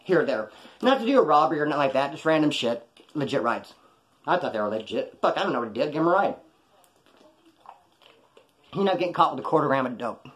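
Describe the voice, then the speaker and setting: A middle-aged man tells a prison story in a rapid, loose stream, swearing freely and acting out what others said. His voice sits a bit high for a man, and he barrels along without slowing down. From Bakersfield, California. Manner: rapid, profane, animated, acts out others' lines. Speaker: former prisoner telling stories. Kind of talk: casual storytelling.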